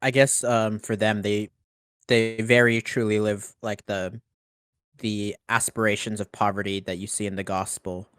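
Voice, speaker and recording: A young man with a lowish voice reads listener questions aloud and chimes in with brief thoughts of his own. The sound is dry and close to the mic. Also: little pitch movement, unhurried, a bit bright, clean tone, dry recording. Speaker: interviewer reading audience questions. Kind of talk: reading questions and chatting.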